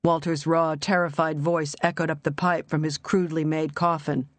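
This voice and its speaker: Measured woman narrating an audiobook. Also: low-pitched, level tone, no echo.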